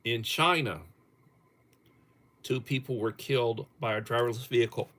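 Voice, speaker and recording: A middle-aged man hosts a casual livestream, slowly reading viewer topics aloud and chuckling along the way. His mid-range voice has a fairly bright tone.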